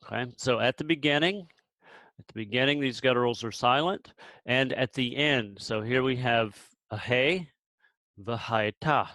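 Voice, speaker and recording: A man teaches Biblical Hebrew pronunciation in a patient, relaxed way, repeating sounds slowly with pauses and restarts. His voice is medium-pitched, and the rough recording has no room sound.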